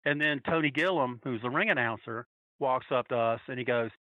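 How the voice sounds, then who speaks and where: A man from North Carolina casually telling a story as a podcast guest, animatedly acting out quotes in a higher voice. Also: brisk, dry recording, phone-quality sound. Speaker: podcast guest, wrestling fan.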